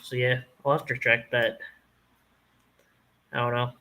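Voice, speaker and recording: A man with a Canadian accent talks in a bright, forward voice. He rambles loosely and jokes, swearing freely as he goes. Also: medium pitch, level tone, unhurried, rough recording. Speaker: streamer. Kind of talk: casual chat.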